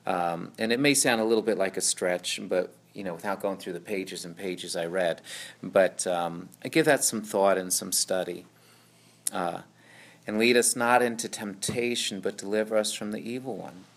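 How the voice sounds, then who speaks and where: A man with a low, creaky voice teaches on a Bible passage at normal speed, explaining at length and often checking in with "right?" and "okay?".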